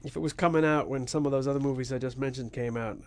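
A man's voice: medium pitch, fairly even intonation, fast. A man co-hosting a casual talk show, laid-back and wry, trailing into mumbled asides. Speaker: podcast co-host. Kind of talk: casual chat.

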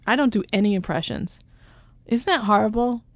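Woman co-host, casual and chatty, halting delivery, dry close recording. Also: mid-range voice, no echo. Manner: chatty, halting, laughs often. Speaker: podcast co-host. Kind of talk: casual chat.

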